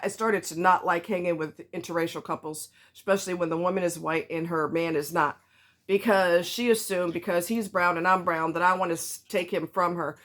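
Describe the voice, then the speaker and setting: A woman's voice: fairly low pitch, fairly bright tone. Blunt woman ranting to camera. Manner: blunt, emphatic, repeats herself for stress. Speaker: vlogger.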